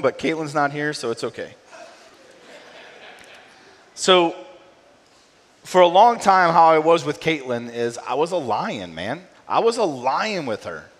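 Man, pastor, slightly high voice, conversational sermon, long reverb of a church hall. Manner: conversational, frequent tag "right?". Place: church sanctuary.

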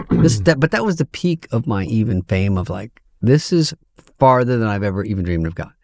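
Profane, animated middle-aged male comedian. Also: on the low side, brisk, no echo, clean studio sound. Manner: animated, profane, acts out quoted voices. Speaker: guest comedian. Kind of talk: casual storytelling chat.

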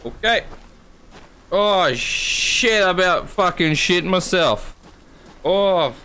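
A man's voice: high-pitched, lively intonation, slow, sharp tone, a little hiss or hum. An Australian man, the host, giving jumpy, joking commentary while playing a horror game and swearing often. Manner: jumpy, swears a lot, jokes to himself. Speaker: gaming channel host.

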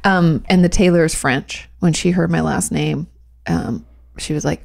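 A woman's voice: low voice, measured pace, gravelly, darkish tone, dry recording, studio quality. A woman co-hosting a podcast, telling stories in a chatty way and laughing often. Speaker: podcast co-host. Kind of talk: casual chat.

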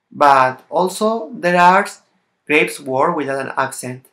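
Slow, bright-voiced man teaching a lesson. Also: on the high side, lively intonation, creaky. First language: Spanish. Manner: slow, careful, non-native English, reading out word lists. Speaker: Spanish teacher. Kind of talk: recorded language lesson.

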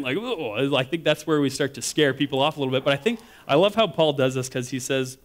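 A man preaching in a relaxed, conversational way. He tells stories and slips into other people's voices, getting louder and higher for the quoted lines and dropping soft for the earnest ones. His voice sits at an ordinary middle pitch. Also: fairly quick, few pauses. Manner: casual, animated storytelling with acted-out quotes. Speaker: guest speaker. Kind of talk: sermon.

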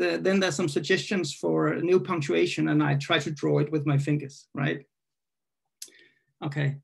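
A man reading his own poem at an online poetry event. He hesitates and corrects himself while introducing it, then reads in a measured, questioning way. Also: fairly high pitch, creaky, breathy edge. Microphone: video call.

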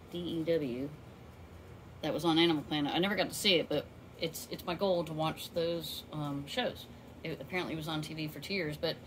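A woman chatting in a casual home vlog from her condo, rambling along and cooing in a high baby voice to her pet bird. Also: slight background noise. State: out of breath. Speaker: vlogger with a pet parrot.

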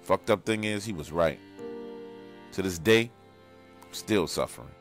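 A man with a very deep voice tells a scripted first-person horror story in a weary, bleak way. Faint music plays softly under his narration. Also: unhurried. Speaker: storyteller recounting an encounter.

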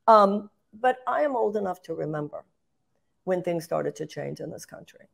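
A woman's voice: on the low side, animated, normal speed, creaky. An older woman speaking as a political guest. She talks with impassioned emphasis, often restarting phrases and rising in bursts.

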